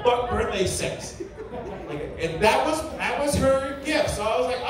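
High-voiced man doing stand-up in an echoey club. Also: expressive, moderate pace, crowd noise. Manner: crude, rambling, filler-heavy. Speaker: stand-up comedian. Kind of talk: stand-up comedy set. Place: comedy club stage. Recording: echoey room, mic from far. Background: audience laughter.

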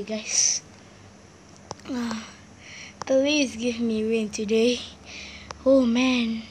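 A woman hosting a gaming video, commenting in a halting, simple way, easily spooked and often calling out to her viewers. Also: a little high, slight background noise. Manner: halting, simple phrasing, often calls out to "guys". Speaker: gaming channel host. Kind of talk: let's-play commentary. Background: game music.

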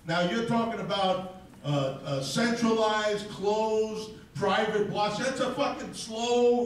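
A man with a high voice delivers a combative, profane rant to a live audience. He is heard from a distance, and the room rings with heavy echo around every word. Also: a little hiss or hum. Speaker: speaker at a crypto event. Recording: very echoey, distant mic in a hall.

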